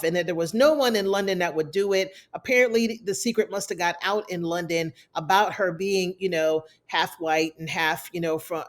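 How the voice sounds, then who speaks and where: A woman hosting a casual TV episode recap, chatty and sassy, calling her viewers "y'all". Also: fairly low pitch. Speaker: TV recap host.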